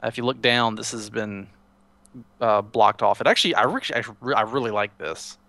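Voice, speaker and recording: A man's voice: lowish voice, a little fast, gravelly, bright, forceful tone, no echo. A man casually showing a Minecraft server to a friend, rambling and restarting his sentences. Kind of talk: casual gameplay chat.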